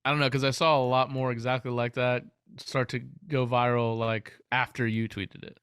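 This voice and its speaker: A man's voice: medium pitch, level tone, moderate pace, a bit bright, smooth, no room sound. A man co-hosting a sports podcast in casual chat, dry and teasing, laughing often. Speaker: podcast co-host.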